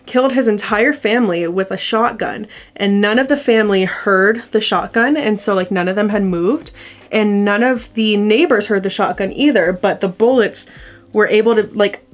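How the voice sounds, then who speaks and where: A woman's voice: mid-range voice, normal speed. Chatty young woman telling a story. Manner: chatty, rambling, heavy use of "like". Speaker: vlogger. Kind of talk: casual storytelling to camera. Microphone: camera mic.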